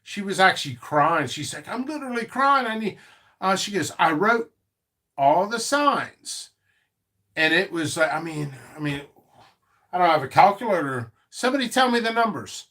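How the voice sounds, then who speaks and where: This man's voice is a little high and runs at normal speed as he hosts a casual live stream about his seed business. He rambles with animation, frequently starting over and going off on asides.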